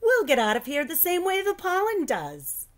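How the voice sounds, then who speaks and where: A woman voicing a calm, cheerful, eccentric female teacher in a storybook. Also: sits high, takes it slowly, pitched above the performer's own voice, heavily acted. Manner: cheerful and unflappable.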